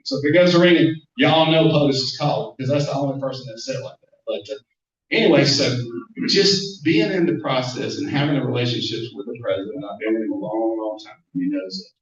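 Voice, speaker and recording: A man's voice: medium pitch, fast. A man with an Alabama Southern accent tells stories to a club audience in an easy, conversational way, often stumbling over the first words of a sentence. He is far from the mic in a very echoey room, and the sound is a bit dull. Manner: conversational storytelling, repeats words at starts. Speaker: congressman speaking as guest. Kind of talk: folksy speech with anecdotes. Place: meeting room at a club luncheon.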